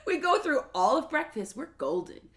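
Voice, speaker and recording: Podcast co-host, woman, late 20s, slightly high voice, very animated storyteller. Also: a little fast. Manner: animated storytelling, acts out quotes. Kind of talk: casual chat.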